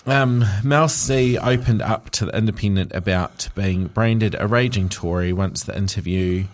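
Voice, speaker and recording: A radio host reads celebrity news on his show, adding chatty asides and jokes and often stumbling over words. His voice is lowish and his pace moderate.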